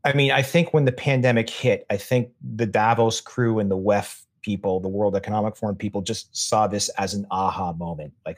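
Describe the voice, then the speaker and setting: A man with a fairly low voice, talking in an opinionated, rambling way. He restarts his sentences often as he builds his argument. It sounds like a relaxed podcast conversation. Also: moderate pace, few pauses. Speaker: podcast guest. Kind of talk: casual conversation.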